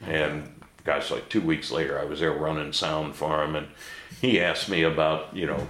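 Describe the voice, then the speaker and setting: A man's voice: extremely low pitch, moderate pace, fairly bright tone, roomy sound. A man recounting his life story in a casual interview, blunt and laughing often between stories. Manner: blunt, mild swearing. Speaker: interview guest.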